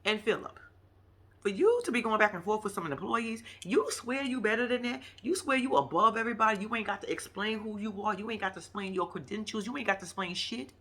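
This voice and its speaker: Blunt, profane woman with a bright voice. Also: mid-range voice, expressive, brisk. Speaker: reality show commentator. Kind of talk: casual recap commentary.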